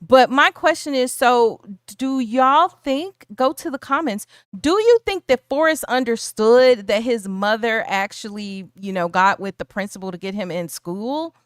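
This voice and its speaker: A chatty woman with a fairly high voice co-hosts a film discussion from home. She talks casually and leans on fillers as she works through prepared questions. Her voice is close and dry, with hardly any room sound. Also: a little slow, few pauses, clean tone, no echo. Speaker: co-host of a film discussion stream.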